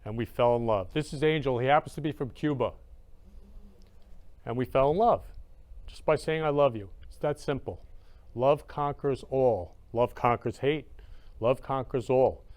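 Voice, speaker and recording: Effusive male host with a smooth, resonant voice, chatting casually on a live show. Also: medium pitch, normal speed, long pauses, darkish tone. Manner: effusive, repeats "love you" often. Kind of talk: casual livestream talk.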